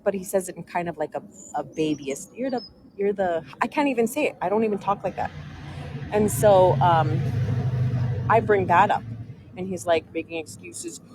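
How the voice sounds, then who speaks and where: A woman's voice: lowish voice, moderate pace, noisy background. Aggrieved woman rambling through her story. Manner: aggrieved, rambling, quotes others in her own voice. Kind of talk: casual storytelling to a live audience.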